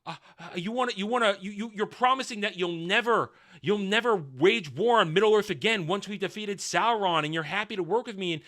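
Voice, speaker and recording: A man's voice: high-pitched, fairly quick, few pauses, a bit bright. A man mimicking a self-important elf queen in a sarcastic retelling, with indignant, stammering questions.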